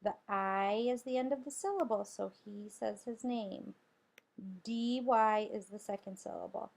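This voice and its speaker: A woman's voice: mid-range voice, measured pace, vocal fry, darkish tone. A woman teacher guiding children through a spelling lesson, patiently sounding out letters and syllables.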